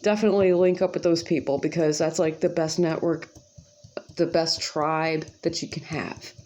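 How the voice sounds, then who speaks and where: A woman's voice: sits low, fairly even intonation, moderate pace, dark tone. A woman rambling casually to camera in a vlog. She talks in a slangy, profane way with lots of asides. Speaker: vlogger. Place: home kitchen.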